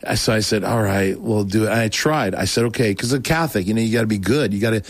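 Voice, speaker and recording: A man telling his personal story in a casual, animated way, acting out quoted dialogue with many restarts. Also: fairly low pitch, quick pace, no echo.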